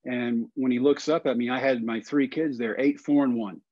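Man, forties, from Texas, folksy animated storyteller, mid-pitched voice, dry slightly muffled sound. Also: normal speed, dry recording. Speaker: guest. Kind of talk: storytelling in a podcast interview.

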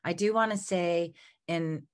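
A woman's voice: fairly low pitch, a little slow. A middle-aged woman teaching an aromatherapy lesson over slides, a little congested, talking off the cuff with many ums and restarts. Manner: unscripted, many fillers and restarts.

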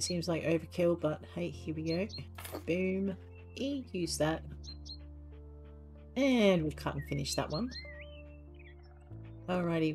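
Speaking into a desk microphone, a woman with a fairly low pitch and darkish tone commentates her gameplay from home. She's a gaming channel host who chats casually and pauses now and then to talk fondly to her dog.

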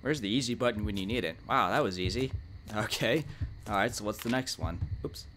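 A man's voice: on the low side, brisk, fairly bright tone, a little hiss or hum. A young man in a let's play horror game commentary, jumpy, talking back to the monster, with nervous laughs and sudden yelps. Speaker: gaming channel host.

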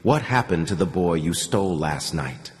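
A man's voice: low voice, lively intonation, moderate pace, big-room sound, pitched below the performer's own voice. A man voicing a young male captive who questions his captors tensely and urgently.

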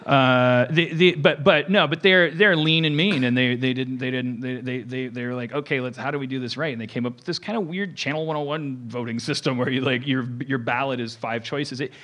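A man hosting a podcast, talking in a rambling, animated way, restarting sentences and swearing. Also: medium pitch, normal speed, few pauses. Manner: rambling, restarts often, swears, acts out quotes. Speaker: podcast host. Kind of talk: rambling comedic podcast talk.

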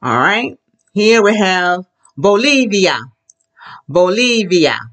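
Lively, animated Spanish teacher. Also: mid-range voice. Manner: enthusiastic, drills words for the class to repeat; slows down to model pronunciation. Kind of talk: classroom language lesson.

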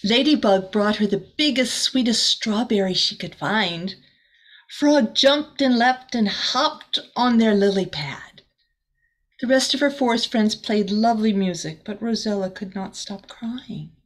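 Slow, breathy woman reading a storybook. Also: medium pitch. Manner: gentle, with asides to young listeners. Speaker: volunteer teacher. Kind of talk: storybook read-aloud for children.

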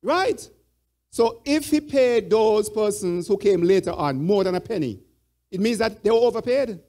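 A man's voice: sits high, expressive, moderate pace, warm tone. A church elder teaching a Bible study. He repeats his points and prompts the group with fill-in "what?" questions.

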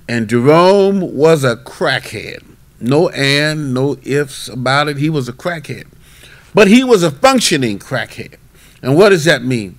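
A man, a bishop, teaching a midweek Bible class and telling a story in a lively, emphatic way. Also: medium pitch.

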